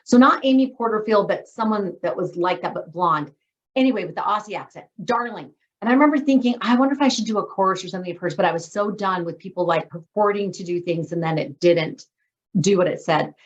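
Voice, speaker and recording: A woman's voice: medium pitch, a little fast. A woman hosting a writers' training call in a casual, enthusiastic way, with emphatic asides. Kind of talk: casual video-call discussion. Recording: dull lo-fi call audio.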